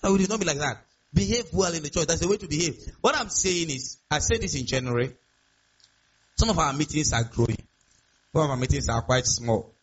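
A man's voice: mid-range voice, a little hiss or hum. A man preaching a sermon as pastor, emphatic and repetitive, often asking the congregation rhetorical questions. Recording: dull lo-fi sound.

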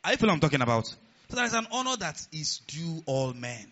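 A man preaching a sermon as pastor of a church, animated and rising to near-shouts. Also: fairly high pitch, a little fast. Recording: dull lo-fi sound.

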